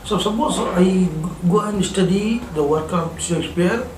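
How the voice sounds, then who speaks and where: A man's voice: high-pitched, measured pace. A man giving a spoken lesson, earnest and repeating his points for emphasis. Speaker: English teacher. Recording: echoey room with faint music.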